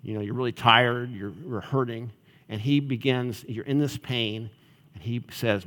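A man's voice: medium pitch, steady tone, a little slow, a bit bright. A male pastor giving a sermon in a conversational style, often checking in with the audience. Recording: long reverb of a large hall.

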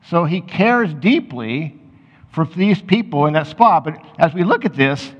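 A man's voice: on the high side, expressive, unhurried. Man preaching in an echoing hall. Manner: reads scripture aloud, then explains in loose, conversational asides. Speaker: pastor. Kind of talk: sermon. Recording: muffled sound with long hall reverb.

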